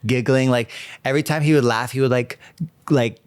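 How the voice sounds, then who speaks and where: A man co-hosting a podcast, chatting casually and telling stories quickly with lots of fillers. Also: mid-range voice, fairly even intonation, smooth, no echo, studio quality. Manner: quick, loose storytelling with many fillers. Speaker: podcast co-host. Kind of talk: casual chat.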